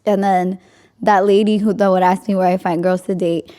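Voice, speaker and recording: A woman's voice: medium pitch, little pitch movement, moderate pace, warm tone. A young woman hosting a podcast, telling a story in casual chat, with lots of "like" and frequent laughs. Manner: chatty, frequent "like", laughs often. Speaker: podcast host.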